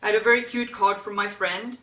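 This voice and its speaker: A woman hosting a pet memorial livestream, talking unscripted in a teary, soft-hearted way with sighs and pauses. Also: mid-range voice, fairly even intonation, slight background noise. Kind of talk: unscripted emotional talk. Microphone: phone or webcam. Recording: roomy echo, a bit far from the mic.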